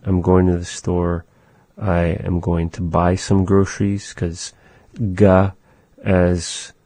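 Slow, deep-voiced man teaching a language. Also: dry recording. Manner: slow, thoughtful explaining, softly repeating phrases. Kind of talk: casual language lesson.

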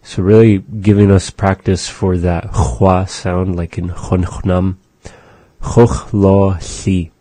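A man hosting a radio language lesson, repeating each phrase slowly and carefully. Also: deep voice, flat delivery, mellow, dry recording. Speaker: language teacher and radio host. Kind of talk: slow instructional language lesson.

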